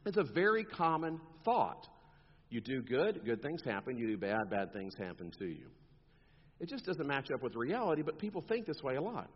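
A man's voice: medium pitch, moderate pace, husky. A man preaching a sermon, talking animatedly and putting on mocking quoted voices as he makes his points. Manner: animated, rhetorical, mock quotes in asides. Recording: dull long-reverb hall sound.

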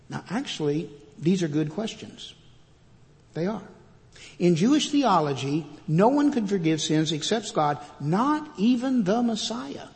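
A man's voice: high voice, sing-song, measured pace. Man preaching in a reverberant hall. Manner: preaching with shifts between loud scripture reading and quiet asides. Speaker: pastor. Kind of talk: sermon.

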